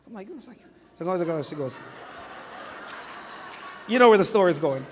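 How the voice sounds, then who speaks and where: A middle-aged pastor from Jamaica preaching with a high, bright-edged voice. He tells stories with energy and slips into voices of the people in them. His voice rings out with long reverb from the church hall. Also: normal speed, a little hiss or hum. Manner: storytelling, animated, acts out family voices. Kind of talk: sermon. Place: church sanctuary.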